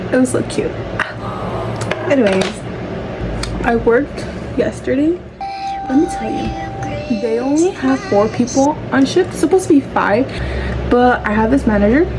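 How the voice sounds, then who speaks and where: A teenage girl rambles through a get-ready-with-me vlog, talking while she does her makeup at home. She fills every sentence with fillers in a fairly high voice, and a steady hiss of background noise sits under the phone-close recording. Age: teens. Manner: rambling, chatty storytelling with constant fillers. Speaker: vlogger.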